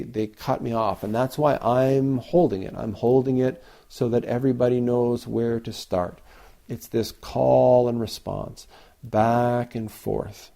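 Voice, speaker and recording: A man's voice: mid-range voice, creaky, mellow. A man giving a reflective dharma talk as a Zen teacher, repeating phrases and sometimes chanting lines aloud. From Canada.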